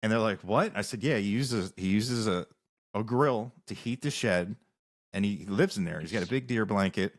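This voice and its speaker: A man's voice: fairly low pitch, moderate pace. A man, a musician guest on a podcast, telling rambling stories in casual interview talk with many restarts.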